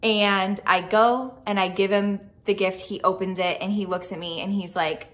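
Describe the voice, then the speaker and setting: A young adult woman vlogging in a chatty, excited way, with frequent fillers and restarts. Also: mid-range voice, moderate pace. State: speaking softly near a sleeping baby. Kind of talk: casual storytelling vlog.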